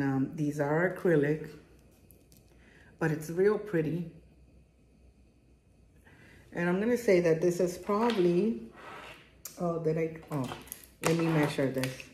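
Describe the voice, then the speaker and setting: A middle-aged woman with a strong non-native accent shows off jewelry in her home garage for a casual haul vlog, chatting with enthusiasm. Her voice sits low and she speaks at a measured pace with long pauses. The room is echoey, with faint noise.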